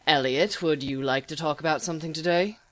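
A woman reading a calm, patient male therapist who speaks smoothly. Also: low voice, brisk, no room sound, natural voice.

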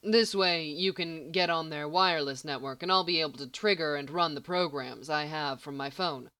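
A woman's voice: sits low, moderate pace, bright, forceful tone. Vrouw die een scherpe, ongeduldige geniale man speelt. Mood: brisk. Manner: snappish, commanding. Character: sharp-tongued impatient genius man.

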